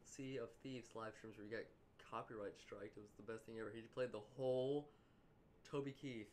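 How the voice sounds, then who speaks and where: A man in a casual podcast chat, chatty and quick to joke and agree. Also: mid-range voice, steady tone, darkish tone.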